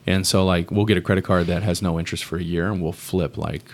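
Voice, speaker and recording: A man with a very low, deep voice, chatting as a podcast guest. He sounds loose and slangy, tossing in dude and bro as he explains things. It is a casual, easygoing conversation. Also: fairly even intonation, quick pace. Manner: laid-back and slangy, says dude and bro. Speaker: guest, real estate investor.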